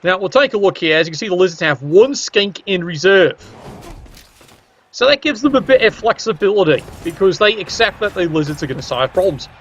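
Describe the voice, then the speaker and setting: A man's voice: high-pitched, big pitch swings, a little fast, a bit bright, lo-fi sound. A man giving casual, chatty commentary on a tabletop-style video game, joking with viewers in the chat.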